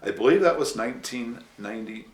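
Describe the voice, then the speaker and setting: A man being interviewed as a former city official, telling long stories with many pauses. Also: medium pitch, lively intonation. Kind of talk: anecdotal interview storytelling. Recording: echoey room, faint hiss.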